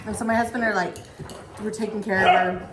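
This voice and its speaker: A woman's voice: medium pitch, normal speed. A woman in her thirties co-hosting a stitching show, chatting casually and telling stories with lots of laughter. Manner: chatty, laughing, animated storytelling. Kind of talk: casual chat. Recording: echoey room, faint noise.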